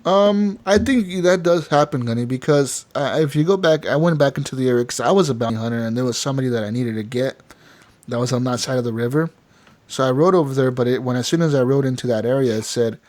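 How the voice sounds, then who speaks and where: A man's voice: medium pitch, fast, darkish tone. A man co-hosting a gaming podcast, rambling through game stories with lots of "like" and "dude". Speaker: podcast co-host. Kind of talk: casual chat.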